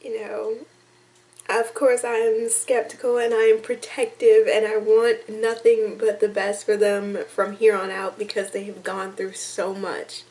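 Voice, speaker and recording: A young woman vlogging to camera, emotional and tearful, talking in halting, rambling sentences full of restarts. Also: medium pitch, monotone, a little mellow, poor audio. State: tearful, crying on and off. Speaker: vlogger reacting to music. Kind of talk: casual emotional talk to camera.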